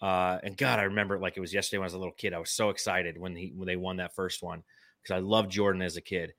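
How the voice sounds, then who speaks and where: A man in his thirties co-hosts a casual sports talk show, lively and a bit profane as he riffs on teams. His voice sits low but comes across bright and forceful. The sound is dry and close. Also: racing, no echo. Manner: animated, swears, reads chat comments. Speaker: podcast co-host.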